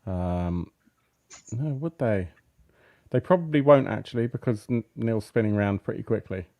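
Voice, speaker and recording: A man running a tabletop role-playing game as game master, relaxed and hesitant with many fillers. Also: on the low side, moderate pace. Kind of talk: running a tabletop game over a live stream.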